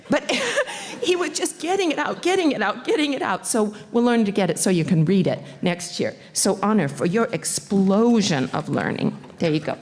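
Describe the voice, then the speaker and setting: A woman teacher giving awards to young students at a graduation, speaking gently and brightening as she acts out little quotes. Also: fairly high pitch, normal speed. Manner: gentle, warm-hearted and animated, acting out little quotes. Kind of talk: speech at a school graduation.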